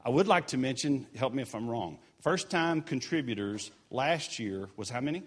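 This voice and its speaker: A man's voice: medium pitch, animated, moderate pace, husky. Earnest man giving church announcements. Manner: earnest, encouraging, chatty asides. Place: church sanctuary during a service.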